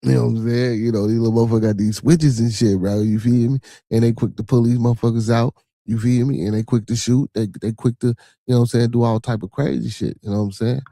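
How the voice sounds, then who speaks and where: A man's voice: mid-range voice, flat delivery, quick pace, creaky, warm tone, no room sound, clean studio sound. A man hosting a livestream podcast, rambling in casual, profane chat and talking back to his viewers. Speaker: podcast host.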